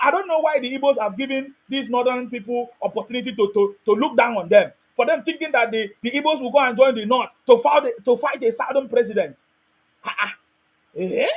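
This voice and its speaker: Husky high Nigerian man ranting. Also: a little fast, low-quality recording. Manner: emphatic, rhetorical questions, mixing in Pidgin. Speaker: online show host. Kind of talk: animated political commentary.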